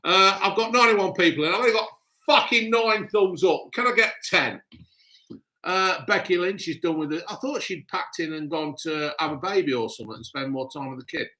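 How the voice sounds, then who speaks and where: Male streamer, foul-mouthed ranter, bright, forceful voice. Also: high-pitched, brisk. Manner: sweary, ranting, blunt. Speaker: livestream host. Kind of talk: casual live-stream chat.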